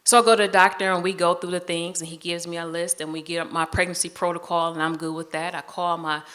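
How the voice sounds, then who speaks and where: A woman's voice: lowish voice, level tone, quick pace, fairly bright tone. A woman storyteller telling a personal story in a conversational way on stage, acting out the dialogue of the people in it. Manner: conversational, acts out dialogue in quoted voices.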